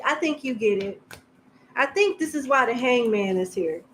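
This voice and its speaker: A woman's voice: fairly high pitch, lively intonation, measured pace, fairly bright tone, a little hiss or hum, low-quality recording. A woman giving a casual tarot reading in a blunt, joking, slangy way. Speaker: tarot reader.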